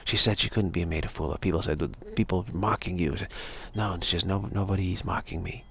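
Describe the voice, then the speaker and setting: A man's voice: deep voice, fairly even intonation, fairly quick, gravelly, bright, forceful tone. A man giving a rambling spiritual talk on a live stream, repeating himself and restarting words often. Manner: repetitive, stumbling restarts, earnest. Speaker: spiritual teacher.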